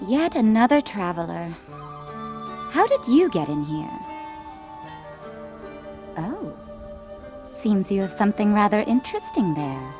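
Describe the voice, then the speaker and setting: A proud young desert chieftain girl speaks coolly and formally in a game cutscene. Her voice rises and falls with lively movement, and game music plays clearly underneath. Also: mid-range voice, measured pace, pauses often. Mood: wary. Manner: cool, wary, formal. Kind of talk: video game cutscene dialogue.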